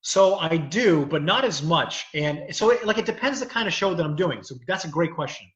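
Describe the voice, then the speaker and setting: A man's voice: a little high, animated, moderate pace, a bit bright. A man, a comedian who is also a lawyer and actor, explaining his craft at length in a casual video chat. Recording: echoey, dull lo-fi video call.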